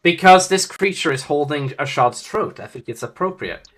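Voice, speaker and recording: A man's voice: fairly high pitch, lively intonation, moderate pace, a bit bright, soft background music. A young man narrating as dungeon master, often stumbling over his words and correcting himself. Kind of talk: narrating a tabletop game.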